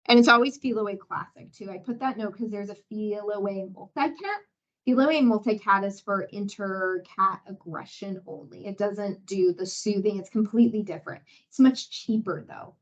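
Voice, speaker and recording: A woman's voice: medium pitch, moderate pace, muffled recording. A young woman giving a casual, encouraging training talk to veterinary hospital staff, full of fillers.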